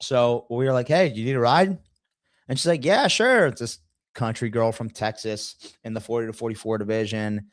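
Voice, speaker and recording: A man telling a story in an easy, profane podcast chat, mimicking the people he talks about. His voice sits at an ordinary middle pitch. The recording is dry, with no room sound. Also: normal speed, dry recording. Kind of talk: casual storytelling.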